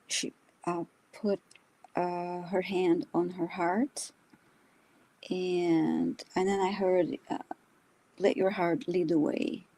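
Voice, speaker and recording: Slow husky woman giving psychic messages. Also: fairly low pitch, warm tone, rough recording. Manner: slow, hesitant, many pauses and fillers. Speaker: psychic reader, co-host. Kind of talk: live-stream spiritual reading.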